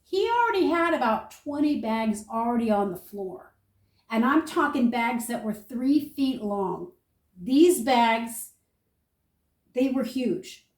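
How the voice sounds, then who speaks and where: A woman's voice: on the high side, takes it slowly, far from the mic. Chatty older woman in an echoey room. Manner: chatty, animated storyteller, talks viewers through each step. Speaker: homesteader demonstrating food storage. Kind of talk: casual how-to and storytelling.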